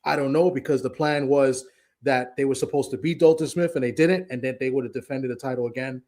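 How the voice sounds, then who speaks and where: A man's voice: medium pitch, brisk, a little mellow. A man co-hosting a casual live stream, retelling a conversation with lots of restarts and quoted asides. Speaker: co-host.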